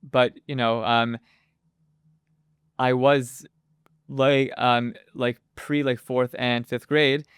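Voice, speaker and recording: Guy on an interview, lots of ums and likes, super clear voice, dry close sound, pretty flat. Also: medium pitch, takes it slowly, pauses often, no echo. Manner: hesitant, with many fillers and restarts. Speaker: guest. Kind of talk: casual interview talk. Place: moved to Israel as an adult.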